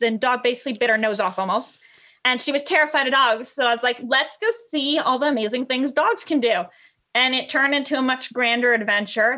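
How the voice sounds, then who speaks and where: A woman dog trainer chatting as a podcast guest, telling animated stories and acting out what people said. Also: sits high. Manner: animated storyteller, acts out quotes. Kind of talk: casual podcast chat.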